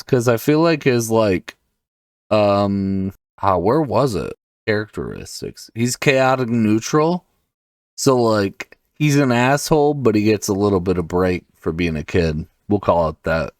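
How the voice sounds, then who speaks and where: A man's voice: lowish voice, very animated, a little slow, darkish tone, no echo, studio quality, far from the mic. A man hosting a podcast, casually thinking aloud while setting up a tabletop game. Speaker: podcast host and solo game player.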